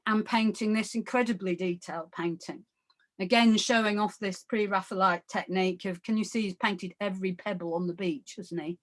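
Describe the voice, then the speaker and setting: A woman giving an illustrated art history lecture at an ordinary middle pitch. She talks in a loose, conversational way, filling pauses with ums and uhs. She keeps turning to her listeners with small asides. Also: a bit bright. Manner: conversational, many fillers, checks in with the audience.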